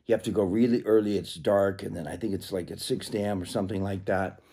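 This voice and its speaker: A man talking casually to camera in a rambling way, clearing a frog from his throat. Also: lowish voice, steady tone, fast talker, dark tone. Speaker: vlogger.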